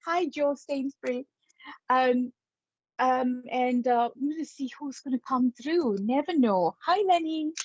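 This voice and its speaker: A woman hosting a psychic live stream, chatty and playful as she greets viewers. She talks slowly in a fairly high voice. The sound is dull and lo-fi, with a dry, close feel. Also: no echo. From England. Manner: chatty and playful, laughs often. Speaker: psychic medium and spirit artist.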